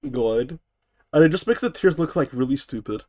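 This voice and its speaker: A man's voice: mid-range voice, lively intonation, moderate pace, a little mellow, no room sound, clean studio sound. A man casually reacting on a live stream, swearing and scoffing in disbelief. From United Kingdom. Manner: incredulous, swearing, laughing mockery.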